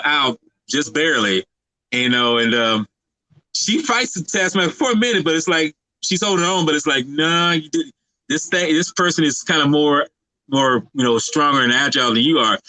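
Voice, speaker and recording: A man on a podcast giving a casual, halting movie recap full of fillers and restarts. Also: fairly high pitch, bright, forceful tone, no echo, poor audio. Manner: rambling, halting with many fillers. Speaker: podcast co-host.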